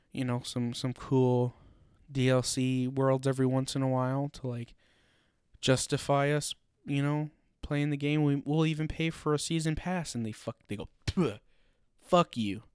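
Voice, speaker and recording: A man's voice: mid-range voice, a little mellow, smooth, dry recording, clean studio sound. A young man hosting a solo podcast, ranting loosely and profanely with laughing asides. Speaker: podcast host.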